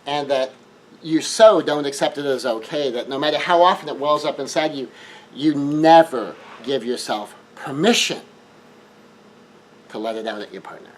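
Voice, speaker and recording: A man's voice: medium pitch, slight background noise, rough recording. A man giving earnest relationship advice in a monologue, often repeating words as he builds a point. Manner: earnest, repeats words when rushing, acts out quoted scenes.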